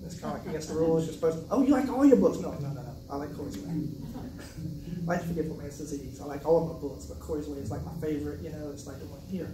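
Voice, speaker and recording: A fast talker with a voice on the high side and a steady tone, this man is an author from South Carolina. He gives a casual, joking talk about his writing, a conversational personal story with asides. Noise and room echo fill the recording, made with a distant mic at an indoor event venue.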